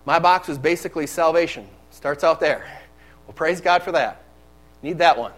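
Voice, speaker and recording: A man with a high voice preaching a sermon. He talks candidly and conversationally, telling his own stories to the congregation. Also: normal speed, a bit bright, rough recording.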